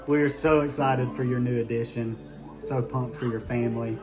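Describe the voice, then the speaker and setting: A man's voice: medium pitch, fairly even intonation, moderate pace, loud music behind the voice. A man recording a casual, upbeat video message of congratulations, speaking of God's plans for the baby. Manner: upbeat and encouraging, with religious wording. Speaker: family friend sending congratulations.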